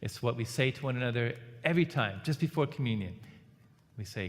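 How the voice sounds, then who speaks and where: A man's voice: medium pitch, lively intonation, brisk. A man giving an Easter homily as a Catholic priest, preaching in a plain conversational way and leading the congregation in call and response. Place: large church. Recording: church hall reverb.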